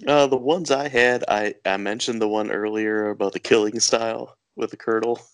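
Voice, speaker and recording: A young man co-hosting a casual movie chat, easygoing and quick to laugh. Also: on the low side, fairly even intonation, smooth, dry recording. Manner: easygoing, laughs often, says "dude". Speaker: podcast co-host.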